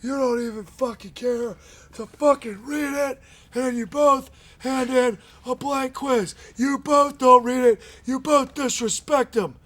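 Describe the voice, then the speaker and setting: A man voicing a furious, profane middle-aged wrestling boss who yells and swears. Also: very high voice, unhurried, few pauses, husky, no room sound, pitched above the performer's own voice, full character voice. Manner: yelling, swearing.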